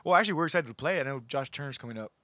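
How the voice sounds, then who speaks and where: A man's voice: on the high side, expressive, very fast, a bit bright, dry recording. A man hosting a casual chat who keeps things moving and asks the others questions. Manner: upbeat, steers the talk, asks questions. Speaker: podcast host.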